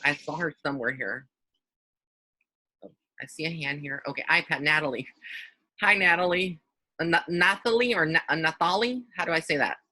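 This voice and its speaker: A man's voice: on the high side, a little fast, pauses often, pushed and bright, no echo, poor audio. A man hosting a live video call as a psychic medium, talking casually and rambling with lots of fillers and restarts. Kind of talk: casual live-stream chat.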